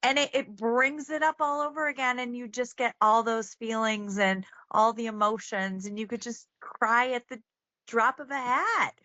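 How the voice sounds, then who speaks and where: A woman's voice: on the high side, moderate pace, pushed and bright, no room sound, highs cut off. A woman who is a guest on a podcast, earnest and meandering as she talks about a film. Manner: earnest, meandering, many fillers. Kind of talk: casual film discussion.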